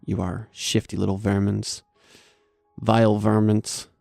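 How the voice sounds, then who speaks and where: A man's voice: on the low side, monotone, a little slow, vocal fry, mellow, dry recording, soft background music. A man voicing a furious, vile male monster that snarls, hisses and spits its words. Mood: snarling. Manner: screeching, snarling and spitting.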